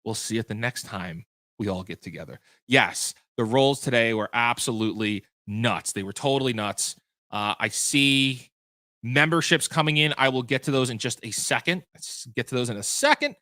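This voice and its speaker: Male game master hosting a livestream recap; bright, forward voice, loose and chatty with frequent restarts. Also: mid-range voice, normal speed, dry recording. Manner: chatty, self-correcting, answers viewer questions. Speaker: game master and show host. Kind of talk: livestream post-show chat.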